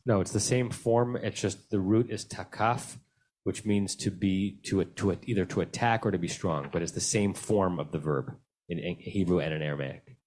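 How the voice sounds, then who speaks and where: A man's voice: low voice, normal speed, a little mellow. A male rabbi leading a conversational text study class, calling on participants by name and answering their questions thoughtfully. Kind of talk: conversational Bible study discussion. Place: synagogue class held over video call.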